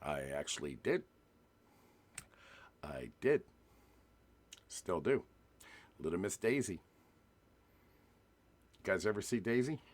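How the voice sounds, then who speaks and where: A man's voice: sits low, sing-song, slow, long pauses. A man vlogging casually to camera, joking and rambling with frequent restarts and asides.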